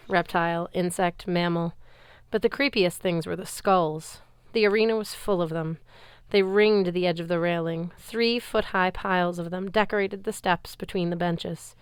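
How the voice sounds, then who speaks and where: Smooth-voiced woman reading a novel aloud. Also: lowish voice, dry recording. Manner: expressive first-person storytelling. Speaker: reader.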